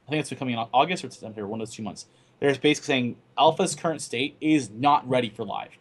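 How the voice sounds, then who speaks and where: Young male podcast co-host, mid-pitched, matter-of-fact explainer with frequent word restarts. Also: quick pace. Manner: steady, explanatory, restarts words often. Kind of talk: casual gaming news chat.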